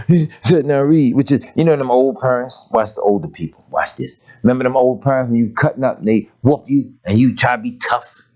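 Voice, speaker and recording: An older male preacher delivers a sermon in a storytelling manner. His pitch swings widely as he moves between his own voice and quick impressions of his parents and grandmother. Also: lively intonation, darkish tone.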